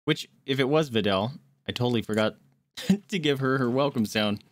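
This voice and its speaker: A woman's voice: very deep voice, normal speed, dry recording. A young woman giving casual, jokey commentary while she streams a video game and chats with viewers. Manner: chatty, laid-back, jokey.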